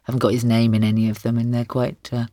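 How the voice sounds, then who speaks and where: A woman in her sixties, a guest author in a podcast interview, telling stories in a wry, lively way with frequent laughs. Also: a bass voice, quick pace, no room sound.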